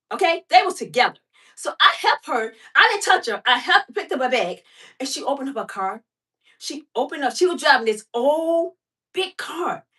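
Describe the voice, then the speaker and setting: Animated woman telling a story, high and bright. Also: recorded from a distance. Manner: animated, repeats herself, acts out quotes. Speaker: vlogger. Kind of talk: casual storytelling.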